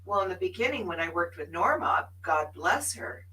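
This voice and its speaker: A woman speaks in a heartfelt, emphatic way, sharing her spiritual journey on a live show. Her voice is bright and forceful and sits a little low for a woman. She sounds somewhat distant from the microphone. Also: animated, normal speed, slight background noise. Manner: earnest and emphatic, laughs often.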